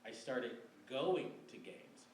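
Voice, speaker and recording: A man in his forties from Michigan tells a personal story on stage in a relaxed, wry way, often laughing. He is picked up from a distance in an echoey room, with faint room noise behind him. His voice sits at a middle pitch. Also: takes it slowly. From Michigan, USA. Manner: wry, conversational, laughs between lines. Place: library event room before an audience. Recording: roomy live recording from a distance.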